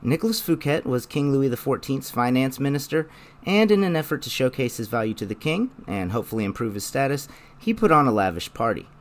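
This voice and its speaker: Measured male video essay narrator. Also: mid-range voice, animated. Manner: measured, explanatory. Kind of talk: scripted narration.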